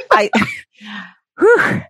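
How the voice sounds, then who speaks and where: A woman's voice: very slow, fairly bright tone, no room sound. A woman hosting a podcast in casual chat, brash and jokey, swearing freely with sarcastic asides. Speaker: podcast host.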